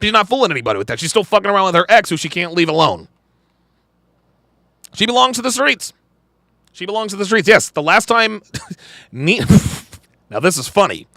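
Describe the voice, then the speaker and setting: A man's voice: high-pitched, big pitch swings, quick pace, sharp tone, no echo, clean studio sound. A man hosting a podcast livestream, ranting bluntly and crudely while reacting to clips and chat. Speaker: podcast host. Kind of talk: livestream commentary.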